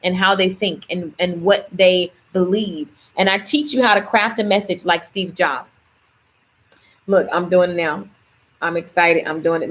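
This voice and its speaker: Chatty, animated woman coach. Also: lowish voice, unhurried. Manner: animated, chatty, addresses viewers directly. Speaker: business coach. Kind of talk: livestream coaching pitch.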